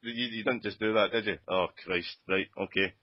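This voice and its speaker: A man's voice: lowish voice, fairly even intonation, normal speed, noisy background. A man with a broad Glaswegian accent, co-hosting a casual podcast, giggling and stammering through restarts and a comic rap. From Scotland. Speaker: podcast co-host. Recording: dull, dry lo-fi podcast audio.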